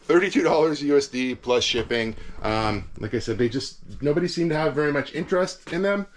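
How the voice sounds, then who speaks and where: A man's voice: fairly high pitch, expressive, brisk, slight background noise. Easygoing man chatting about resales. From Canada. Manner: easygoing, rambling, frequent fillers. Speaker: reseller vlogger. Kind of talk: casual vlog chat. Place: cold backyard shed with heater.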